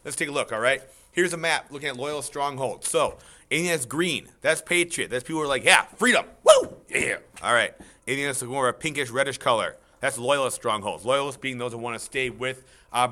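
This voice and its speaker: A man teaching a casual, chatty history lesson, talking over slides and breaking into loud mock quotes. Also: medium pitch, fairly quick.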